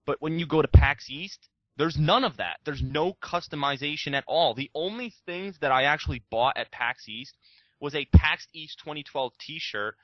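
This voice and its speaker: A man's voice: a little high, moderate pace, dry recording. Rambling young man on a lo-fi line. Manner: rambling, frank, swears casually. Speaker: guest YouTuber. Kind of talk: casual podcast interview.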